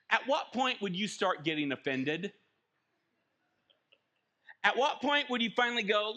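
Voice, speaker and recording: A male pastor preaches a sermon in a high, bright voice. He is animated and lively, acting out small everyday scenes to make his point. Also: moderate pace. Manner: animated, acts out little scenes with shouted voices. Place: church.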